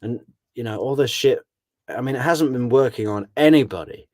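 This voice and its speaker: A man's voice: medium pitch, moderate pace, darkish tone, dry recording, clean studio sound. A man giving casual, sardonic true crime commentary, mocking the people he talks about in put-on voices.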